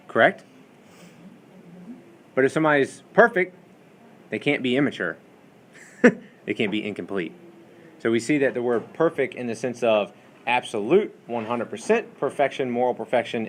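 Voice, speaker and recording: Bible teacher, man, mid-pitched, conversational lecture in a classroom with light noise. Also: a bit bright. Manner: conversational, asks the class questions, many fillers.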